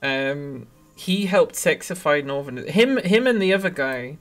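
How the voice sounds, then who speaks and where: A game streamer with a Northern English accent from around Sheffield, chatting casually and rambling, often laughing mid-sentence and softening their own accent. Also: mid-range voice, animated, measured pace, faint music behind. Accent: Northern English, Sheffield area. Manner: trims own accent toward neutral. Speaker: game streamer reading chat. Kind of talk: casual live-stream chat.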